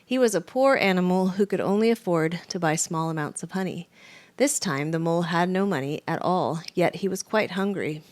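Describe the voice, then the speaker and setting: A woman reading a children's picture book aloud with lively, expressive storytelling. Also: lowish voice, moderate pace, no room sound. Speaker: storybook reader.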